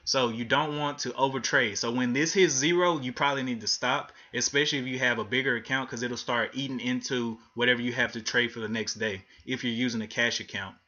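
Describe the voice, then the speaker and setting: A man's voice: medium pitch, sharp tone, lo-fi sound. A man giving live commentary on his day trading, thinking aloud and frustrated as he watches the charts. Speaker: livestream day trader.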